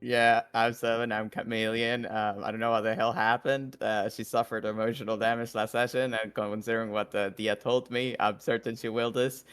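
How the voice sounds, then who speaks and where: A man's voice: medium pitch, level tone, moderate pace, few pauses, a bit bright, clear, resonant tone. A man who plays in a tabletop game, chatting in a hesitant, joking way. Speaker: player. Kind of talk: casual chat.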